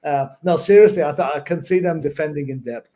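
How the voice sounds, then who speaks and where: A man's voice: on the high side, dark tone. Jokey man giving football views. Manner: jokey, dry, measured opinions. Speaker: regular pundit. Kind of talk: casual football podcast chat.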